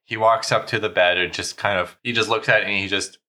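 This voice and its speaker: A man's voice: fairly low pitch, steady tone, quick pace, bright, forceful tone. A man playing a tabletop game, eager and chatty with the game master. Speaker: player.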